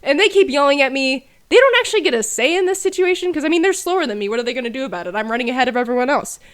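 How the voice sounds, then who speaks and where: A woman with a fairly high voice tells a casual story from her childhood. Her humor is dry and self-mocking. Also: animated, very fast. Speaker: storyteller over gameplay.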